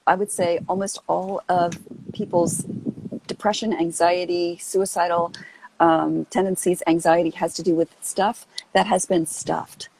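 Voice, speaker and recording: A woman's voice: lowish voice, level tone, measured pace, creaky, noisy background. A woman hosting a casual live chat on a video call, earnest and rambling with lots of fillers. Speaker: host.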